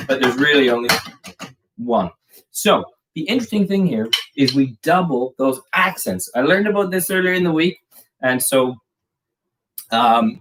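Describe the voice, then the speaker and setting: A man giving a casual live drum lesson, explaining patterns in a chatty way with plenty of fillers. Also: mid-range voice. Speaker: drum teacher. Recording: distant mic with clear background noise.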